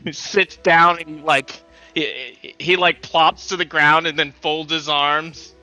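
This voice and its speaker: Slow-talking man with a bright voice. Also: fairly high pitch, steady tone, faint music behind, low-quality recording. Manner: halting, restarts, describes actions. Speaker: player. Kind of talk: casual play chat.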